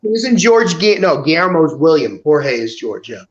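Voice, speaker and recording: A man guesting on a live chat stream, crude and quick with quips. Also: a little high, big pitch swings, highs cut off. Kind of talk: casual chat.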